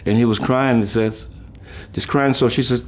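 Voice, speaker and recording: An older man tells stories from his past in a loose, rambling way, chuckling between thoughts and often starting a phrase over. His voice sits at an ordinary middle pitch, and it jumps up high whenever he mimics someone else. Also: steady tone, normal speed. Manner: chuckling, folksy, trails off and restarts; raises his voice high when quoting others. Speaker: musician recalling his life. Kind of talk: rambling storytelling.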